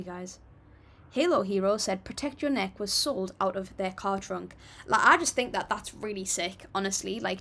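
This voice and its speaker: A woman's voice: medium pitch, a bit bright. Chatty British woman reading livestream comments. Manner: chatty, friendly, reads comments aloud then replies. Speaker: livestream host reacting to music.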